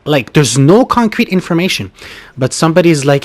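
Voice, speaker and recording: A man's voice: fairly high pitch, very animated, moderate pace. A man telling a funny story in a casual chat, swearing freely and laughing as he talks. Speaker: podcast co-host.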